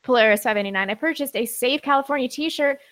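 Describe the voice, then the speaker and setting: A woman's voice: high-pitched, fast talker, fairly bright tone, no echo. A woman co-hosting a call-in show, reading listener messages aloud with sardonic asides. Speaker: podcast co-host reading chat messages. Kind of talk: casual call-in show chat.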